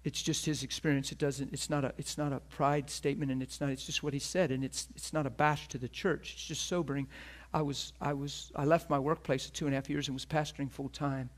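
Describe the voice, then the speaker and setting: A man's voice: medium pitch, level tone, a little fast, hardly any pauses. A middle-aged man preaching a sermon as a pastor, telling a personal story earnestly and acting out the voices of the people in it.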